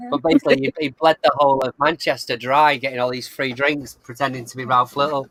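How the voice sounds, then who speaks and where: A man's voice: mid-range voice, steady tone, fast, fairly bright tone, a little hiss or hum. A man, a podcast co-host, telling a long rambling anecdote in a casual chat.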